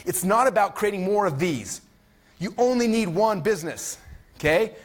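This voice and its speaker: A man's voice: high voice, expressive, normal speed. A man in his thirties giving a live marketing masterclass, telling a story at speed with energy and acting out quotes. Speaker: online marketing teacher.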